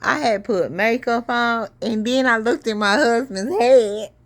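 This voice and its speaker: Woman vlogger, AAVE speech, higher-pitched voice, slangy and profane, teary from laughing, rambling story to camera. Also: unhurried. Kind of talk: casual storytelling vlog.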